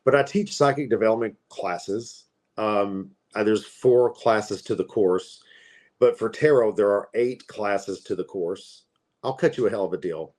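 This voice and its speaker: A man's voice: lowish voice, measured pace, darkish tone. A man in his forties from Appalachia, a tarot reader telling stories in a chatty, rambling way. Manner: chatty, rambling, with frequent fillers. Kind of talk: casual storytelling.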